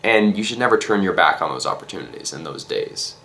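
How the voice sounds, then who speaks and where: A man vlogger telling a comic story in an earnest, mock-emotional way, halting and restarting his sentences. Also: low voice, lively intonation, vocal fry, bright, forceful tone.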